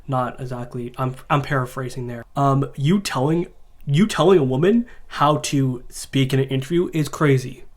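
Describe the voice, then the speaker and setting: A man's voice: medium pitch, normal speed. A man reacting to a video in casual commentary, sarcastic and mocking.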